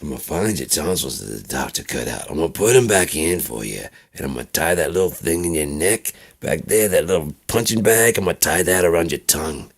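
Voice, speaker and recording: Gravelly deep-voiced man rambling profanely. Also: expressive, brisk, hardly any pauses. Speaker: vlogger. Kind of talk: casual rambling monologue.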